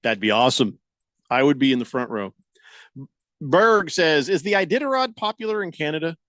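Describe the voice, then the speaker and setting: Animated joking male radio host. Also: a little high, normal speed, dry recording, clean studio sound. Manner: animated, joking, reads listener comments aloud. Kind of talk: casual sports radio banter.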